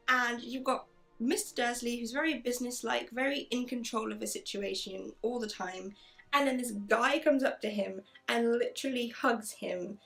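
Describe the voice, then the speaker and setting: A chatty woman reviewing a book, her talk bright with enthusiasm and a somewhat high pitch. Her voice carries a gravelly fry, with faint music underneath. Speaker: book vlogger. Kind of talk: casual book review with read-aloud passages.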